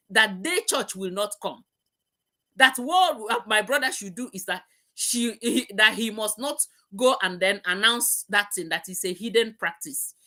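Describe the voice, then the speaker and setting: A middle-aged woman hosts an emotional live-stream talk, preaching with passion and repeating herself. Her voice sits at a medium pitch and sounds bright and forceful.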